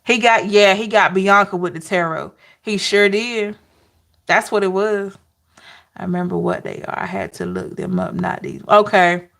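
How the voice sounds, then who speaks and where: A woman's voice: medium pitch, animated, normal speed, creaky, fairly bright tone. A woman tarot reader chatting casually with viewers on a livestream, often laughing and reading out names from the chat.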